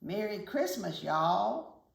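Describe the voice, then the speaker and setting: A woman voicing a jolly old Santa Claus, speaking in a slow drawl. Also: mid-range voice, big pitch swings, vocal fry, full character voice. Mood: cheery. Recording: echoey room, faint hiss.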